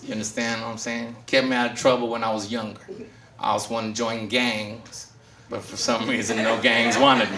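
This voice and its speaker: A man's voice: medium pitch, reverberant. Brash man in his fifties on stage. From Philippines. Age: 50s. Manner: brash, profane, laughing at own jokes. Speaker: stand-up comedian. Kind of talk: stand-up comedy set. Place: casino stage before a live audience. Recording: stage mic heard from a distance, loud crowd and music. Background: laughing crowd and music.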